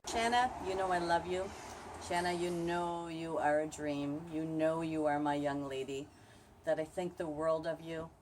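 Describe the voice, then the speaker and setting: A woman with a notably low voice speaks warmly and emphatically to a close friend. She builds her points through repeated phrases. A faint background hum sits behind her. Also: steady tone, moderate pace. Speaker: close friend giving a video message. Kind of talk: heartfelt congratulatory speech.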